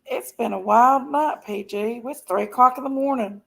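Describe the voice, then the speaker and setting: A woman's voice: a little high, normal speed, gravelly, a bit bright. A woman joining a livestream as a guest, trading crude, teasing banter with the host. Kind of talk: casual livestream talk.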